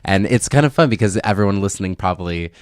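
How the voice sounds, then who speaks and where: A young man chats casually as a guest on a podcast, upbeat and gushing. His voice sits very low and sounds smooth. It is recorded close and dry. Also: animated, quick pace, dry recording. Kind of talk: casual chat.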